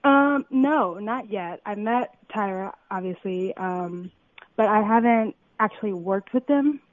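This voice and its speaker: Excited young woman over a phone line. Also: medium pitch, measured pace, dry recording. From Compton, California. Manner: excited, filler-heavy storytelling. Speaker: model, interview guest. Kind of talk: phone interview, casual storytelling.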